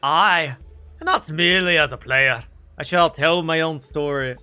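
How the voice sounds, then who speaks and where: A man's voice: on the high side, a little slow, sharp tone, clear, resonant tone, faint music behind. A man voicing a vain, pompous male pirate captain with a put-on Scottish accent and grandiose, theatrical speech. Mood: boastful. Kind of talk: voicing game dialogue on a stream.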